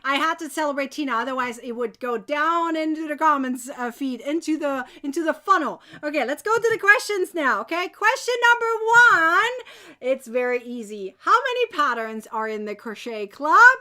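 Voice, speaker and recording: A woman hosting a live crochet giveaway stream, chatting to viewers and cheering on winners. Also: sits high. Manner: bubbly, cheering, quick bursts of excitement. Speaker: crochet channel host running a giveaway.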